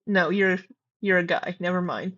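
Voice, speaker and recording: A woman's voice: on the low side, fairly even intonation, normal speed, fairly bright tone. A woman streamer in casual live chat with friends, who keeps breaking into laughter. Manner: giggly, breaks into frequent laughter. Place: indoor room with neighbors next door. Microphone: earbuds with a computer mic. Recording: slightly dull lo-fi stream audio.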